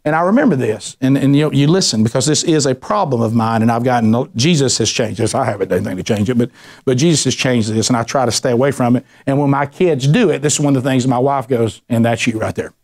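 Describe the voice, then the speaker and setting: A middle-aged man teaching a men's Bible study, telling lively stories and acting out voices. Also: medium pitch, fast talker. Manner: animated storyteller, acts out voices, ranting bursts.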